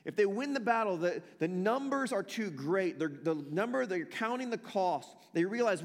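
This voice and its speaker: High-voiced preacher in a reverberant hall. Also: male voice, expressive, normal speed, hardly any pauses. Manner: emphatic storytelling, repeats phrases for emphasis. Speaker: pastor. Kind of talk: sermon.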